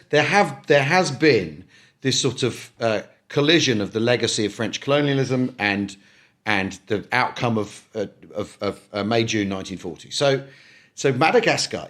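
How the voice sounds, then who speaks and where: A middle-aged man co-hosting a casual history podcast, talking in animated bursts with many restarts and repeated words. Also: mid-range voice. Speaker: podcast co-host.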